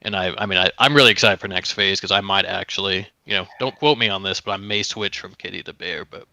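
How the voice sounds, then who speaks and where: A man in a casual podcast chat, speaking in a measured, hesitant way with fillers. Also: low-pitched, gravelly, pushed and bright, no room sound.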